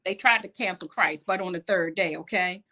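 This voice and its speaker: A woman hosting a talk show, lively and quick to laugh, chatting casually with her guest. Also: on the low side. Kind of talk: casual chat.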